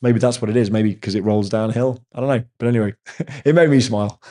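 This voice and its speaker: A man's voice: lowish voice, fast, warm tone. A man, hosting a casual live chat with viewers and telling rambling stories. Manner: rambling, chatty storyteller. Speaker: host answering viewer chat.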